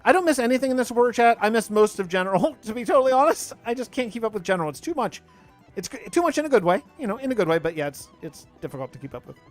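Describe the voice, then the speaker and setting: A man's voice: extremely high pitch, expressive, racing, faint music behind. A man in his thirties chatting casually on a live stream, rambling while he plays and answers chat. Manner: rambling, talks over gameplay and answers chat.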